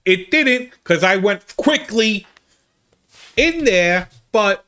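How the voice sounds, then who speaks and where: Comic, slightly high-pitched guy, animated, rambling storyteller. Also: slow. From United States. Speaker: comedian host. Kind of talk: casual storytelling monologue.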